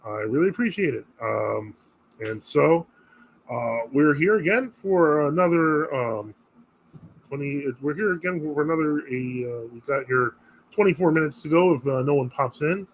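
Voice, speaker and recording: A man's voice: on the high side, lively intonation, moderate pace, a little hiss or hum, low-quality recording. A man hosting a live Q&A stream, chatting casually and reacting to viewer comments as he reads them aloud. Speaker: host of a live religious Q&A stream.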